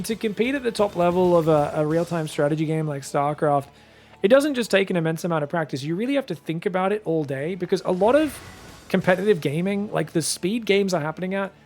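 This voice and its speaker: A man commentates an esports match on his own, talking the viewers through each play in a relaxed, chatty way. His voice sits a little high and has a gravelly, fry-laced texture. Faint music plays underneath. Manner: chatty, explains strategy to viewers, addresses them as guys. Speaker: esports caster.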